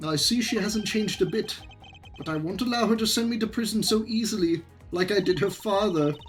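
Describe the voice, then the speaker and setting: A woman's voice: medium pitch, fairly quick, faint music behind, voice pushed up, lightly acted. Woman reading a cool, sardonic male prosecutor. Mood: calm.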